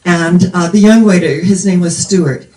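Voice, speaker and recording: A woman's voice: lowish voice, normal speed, dark tone. Older woman preacher, distant roomy sound. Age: 70s. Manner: meandering storytelling. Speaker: minister. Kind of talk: sermon.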